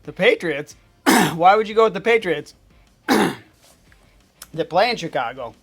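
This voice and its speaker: A male host of a comedy betting show talks through his picks. His voice sits a little high, and his deadpan delivery breaks into excited coughing fits. Faint music plays behind him. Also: measured pace.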